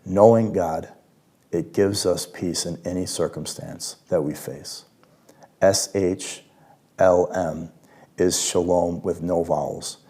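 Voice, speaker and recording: Man, deep voice, mellow tone, gentle reflective devotional talk. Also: steady tone, a little slow, breathy edge. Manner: gentle, reflective, with hushed quiet passages. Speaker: worship leader giving a devotional.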